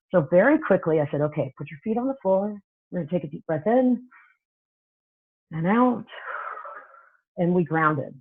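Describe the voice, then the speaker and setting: Husky-voiced woman coach on tinny audio. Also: on the low side. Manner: conversational, often ends points with "right?". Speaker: therapist and life coach. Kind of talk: teaching talk.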